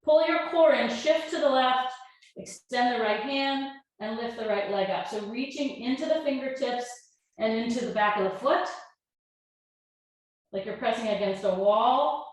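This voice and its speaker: A woman yoga teacher calmly talking a class through breaths and poses, with gentle step-by-step cues. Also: a little high, normal speed. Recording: very echoey room.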